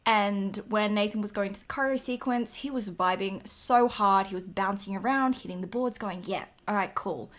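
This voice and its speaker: A woman's voice: medium pitch, moderate pace, few pauses. Chatty woman podcast co-host who swears. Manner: chatty, swears freely, laughs often. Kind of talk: casual chat.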